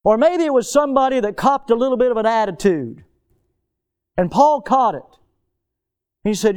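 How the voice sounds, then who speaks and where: Southern man preaching, high clear voice, earnest with folksy asides, drops to a hush on key lines. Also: expressive, normal speed, long pauses. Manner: earnest preaching, swinging between emphatic peaks and hushed low passages; folksy storytelling with chuckles. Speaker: pastor. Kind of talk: sermon.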